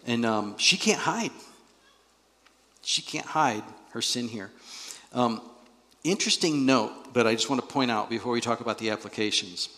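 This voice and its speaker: A male pastor preaching a sermon in a church, animated and acting out the voices he quotes. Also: medium pitch, normal speed, pauses often. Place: church sanctuary. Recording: long reverb of a large hall.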